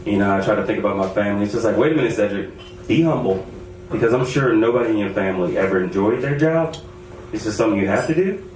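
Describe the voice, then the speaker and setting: A man in his thirties doing a stand-up comedy set on a club stage, with animated, punchy delivery. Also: fairly low pitch, very fast, a little hiss or hum. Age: 30s. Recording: distant mic in a loud echoey room. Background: loud room ambience.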